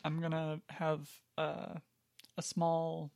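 Slow and deadpan, this podcast co-host meanders through casual chat, hedging constantly and filling the gaps with fillers and small asides. The medium-pitched voice has a gravelly fry, recorded close and dry with no room sound or echo.

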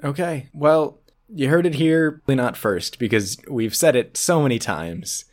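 A man with a mid-range voice co-hosts a relaxed tech chat. He jokes, teases and bounces lines off his partner in easy banter. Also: medium pitch, moderate pace. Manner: joking, playful banter. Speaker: podcast co-host.

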